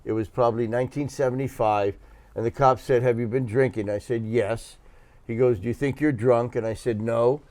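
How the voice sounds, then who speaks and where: A man's voice: medium pitch, steady tone, moderate pace, darkish tone. A man in his sixties co-hosting a podcast in casual chat, dropping wry, teasing remarks and telling his own story. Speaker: podcast co-host.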